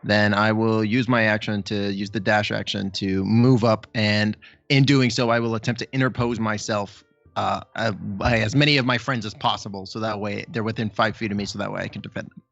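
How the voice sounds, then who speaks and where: Gravelly low-voiced man playing a tabletop game. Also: steady tone, fairly quick, a bit bright, no echo, highs cut off, soft background music. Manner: methodical, lays out his moves step by step. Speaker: player. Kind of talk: casual tabletop play.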